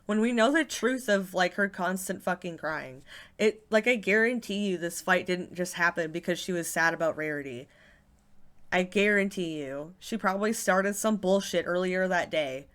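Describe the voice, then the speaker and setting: A woman's voice: lowish voice, moderate pace, fairly bright tone. A woman hosting a reaction commentary, sounding exasperated and sarcastic, with casual swearing. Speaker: commentary channel host.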